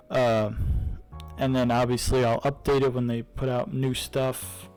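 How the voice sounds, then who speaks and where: Slow, rambling young man reviewing games. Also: mid-range voice, a little mellow, clean tone, low-quality recording. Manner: rambling, hesitant, many fillers and restarts. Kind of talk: casual spoken review.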